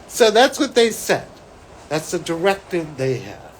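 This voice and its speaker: A man, a psychic, talking to camera as he recounts a vision, animated and breaking into excited exclamations. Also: fairly high pitch, normal speed, slight background noise, low-quality recording. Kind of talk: solo talk recounting a vision.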